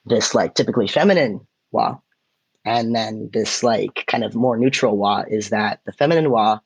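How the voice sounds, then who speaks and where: A man's voice: on the low side, moderate pace, vocal fry, husky, dry recording, poor audio. A man co-hosting a podcast, explaining points in a casual chat and then demonstrating intonation by example, on a close mic. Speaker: podcast co-host.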